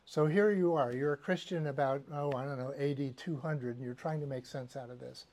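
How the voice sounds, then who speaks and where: Male teacher, mid-pitched voice, easygoing lecture delivery with asides. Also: a little fast, darkish tone, slight background noise. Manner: conversational, with fillers and asides. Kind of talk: church doctrine lecture.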